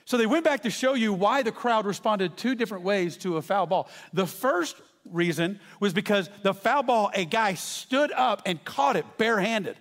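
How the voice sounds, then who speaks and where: A man preaching a sermon as pastor, telling stories with lively asides to the congregation. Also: high voice, moderate pace, few pauses, big-room sound. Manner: animated storytelling with asides to the congregation.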